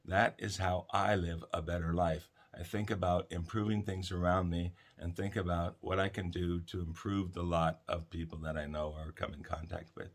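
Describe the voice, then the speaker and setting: A man hosting a talk about counseling, speaking gently and reflectively to listeners and telling stories with many fillers. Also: low voice, flat delivery. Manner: gentle, unhurried, storytelling with fillers.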